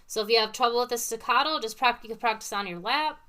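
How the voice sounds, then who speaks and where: A woman teaches piano in a casual way, patiently explaining with everyday comparisons between the examples she plays on the piano. Her voice is on the high side, pushed and bright, and she talks fast.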